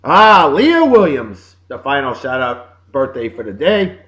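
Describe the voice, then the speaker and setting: A man with a Boston accent hosting a casual show, giving upbeat, jokey birthday shout-outs. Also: mid-range voice, very animated, unhurried. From Massachusetts. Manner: upbeat, jokey, sing-song greetings. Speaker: podcast host.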